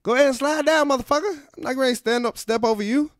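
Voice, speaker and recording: An irritable middle-aged film tough guy, as a man impersonates him for a radio comedy bit. Every line ends in an indignant, explosive curse. The voice sits high, strained and sharp, in a dry, close sound. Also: fast, dry recording. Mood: defiant. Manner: indignant, explosive profanity-laced outbursts. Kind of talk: comedic impression on a radio podcast.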